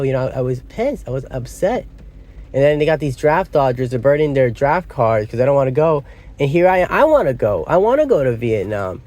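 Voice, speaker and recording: A man's voice: medium pitch, big pitch swings, a little fast, a little mellow. A man giving a casual spoken film review, rambling and often losing his train of thought. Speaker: movie reviewer. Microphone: phone or small device.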